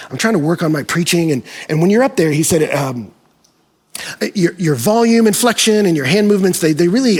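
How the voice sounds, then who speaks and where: A man preaching a sermon as pastor, animated, rising into shouts and then dropping low. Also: breathy edge. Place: church service in a hall.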